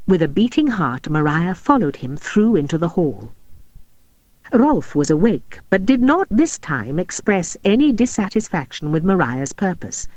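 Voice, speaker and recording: Older lady narrating an audiobook, lively sing-song reading, dead dry studio sound. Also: on the low side, no echo. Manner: expressive, measured. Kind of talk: storybook narration.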